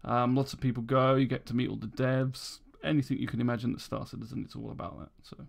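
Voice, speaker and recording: Gravelly laid-back British podcast host. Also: male voice, medium pitch, little pitch movement, fast. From Britain. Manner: laid-back, chuckling, lots of ums. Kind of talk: casual podcast chat.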